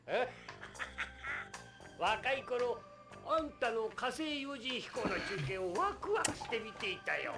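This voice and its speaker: A man's voice: extremely high pitch, very animated, moderate pace, long pauses, over music, heavily acted. A friendly old man in a game. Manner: folksy, old-fashioned speech. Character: friendly older man greeting a famous astronaut.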